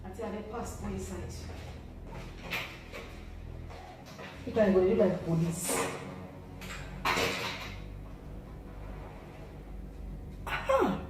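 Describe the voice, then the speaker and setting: A woman's voice: mid-range voice, fairly quick, close to an everyday voice. Woman doing a sassy nigerian pidgin village girl, mocking, echoey room, mic kinda far. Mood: gloating. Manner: mocking, loud, laughs through lines. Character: cheeky young village woman, teasing and sharp-tongued.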